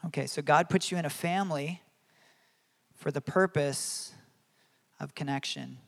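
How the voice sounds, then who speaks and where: A man's voice: fairly high pitch, unhurried, vocal fry. A man in his thirties preaching a sermon as a pastor, earnest and conversational, laughing at his own stories.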